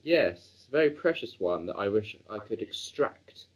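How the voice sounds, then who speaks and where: A man co-hosting a review podcast, talking in an admiring, halting casual way. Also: on the low side, sing-song, slightly rough, lo-fi sound. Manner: admiring, hesitant with restarts. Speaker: podcast co-host.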